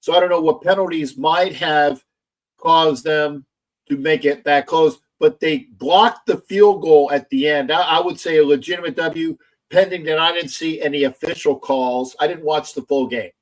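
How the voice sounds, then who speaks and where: Loud gloating man hosting a sports livestream. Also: fairly high pitch, moderate pace. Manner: loud, gloating, profane, repetitive. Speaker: livestream host. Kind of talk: casual sports livestream chat.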